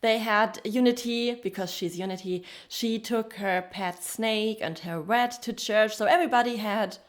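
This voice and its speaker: A woman's voice: medium pitch, normal speed. Chatty woman podcast co-host. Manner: chatty, frequent ums, laughs while telling details. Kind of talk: casual review chat.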